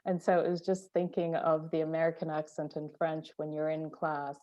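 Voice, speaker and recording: A woman taking part in an online seminar over a video call, speaking in an earnest, halting way. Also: low voice, level tone, mellow, lo-fi sound. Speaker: seminar participant.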